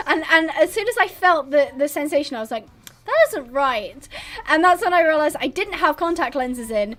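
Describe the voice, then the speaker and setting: A woman's voice: sits high, a bit bright. A young woman hosting a casual livestream, rambling chattily, reading out chat messages and laughing often. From born abroad on a military base, British. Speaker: livestream host.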